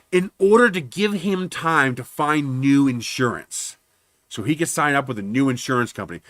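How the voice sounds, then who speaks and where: A man's voice: mid-range voice, a bit bright, no echo. A man hosting a livestream, casually telling a long story, acting out both sides of phone calls and swearing freely. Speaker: livestream host.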